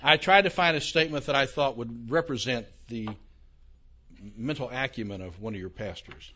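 A man's voice: medium pitch, normal speed, sharp tone, breathy edge. An older man giving a theology lecture to a live audience, conversational, with questions to the room and self-deprecating asides. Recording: dull lo-fi recording.

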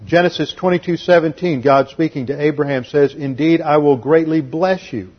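Husky emphatic male Bible teacher. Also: fairly high pitch, moderate pace. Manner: emphatic, didactic, drives points home. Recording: dull lo-fi recording.

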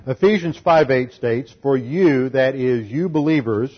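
Husky male pastor teaching methodically. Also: mid-range voice, measured pace, dull audio. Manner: methodical teaching with numbered points. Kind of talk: expository sermon.

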